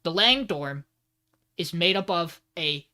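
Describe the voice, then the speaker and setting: A man co-hosting a podcast, excitedly recapping an anime episode and acting out quotes with laughs. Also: a little high, slow pace. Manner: animated retelling with acted-out quotes and laughs. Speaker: podcast co-host. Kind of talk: casual anime recap chat.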